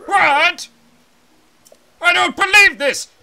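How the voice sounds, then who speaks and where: A man's voice: very high voice, very slow, gravelly, pushed and bright, voice pushed up, full character voice. A man voicing a cranky old fish-man advisor in a comedic game voice-over, ranting indignantly.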